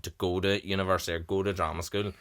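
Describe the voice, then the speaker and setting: A man's voice: low voice, little pitch movement, quick pace, fairly bright tone. A young man in his twenties hosting a podcast, chatting casually, laughing often and acting out what others said. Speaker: podcast host. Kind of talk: casual chat.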